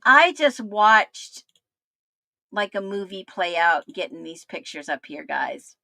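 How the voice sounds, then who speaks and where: A woman hosting a livestream, exclaiming in disbelief and talking straight to her viewers, her voice going hoarse. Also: mid-range voice, big pitch swings, slow pace, bright, forceful tone, dry recording. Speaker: livestream host. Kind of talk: excited livestream commentary.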